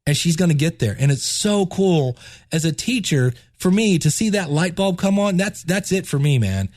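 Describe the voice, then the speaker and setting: Enthusiastic male podcast host and teacher, congested, higher register, dry sound. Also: moderate pace, dry recording. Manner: enthusiastic, repeats words when excited. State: stuffed up, congested. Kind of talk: casual solo podcast talk.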